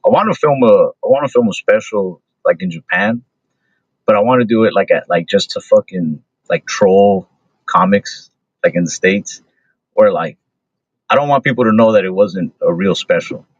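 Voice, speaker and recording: A man in casual podcast chat, talking in a laid-back, monotone way with lots of fillers. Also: on the low side, moderate pace, breathy edge, no echo. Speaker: comedian, podcast guest. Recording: dull lo-fi recording.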